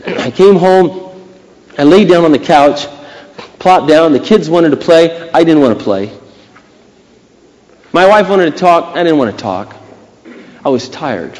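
A man preaching a sermon emphatically, with dramatic pauses between phrases. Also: fairly high pitch, expressive, a little mellow. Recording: long reverb of a church hall.

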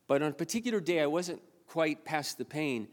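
A man's voice: on the high side, animated, moderate pace. A man in his sixties, a pastor, telling a personal story in a rambling sermon with many restarts. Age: 60s. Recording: long hall reverb.

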